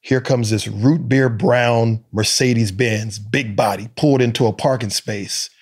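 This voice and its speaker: A man's voice: medium pitch, measured pace, husky. A middle-aged man telling funny stories in casual chat as a podcast co-host, acting out what people said. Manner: animated storyteller who acts out quotes.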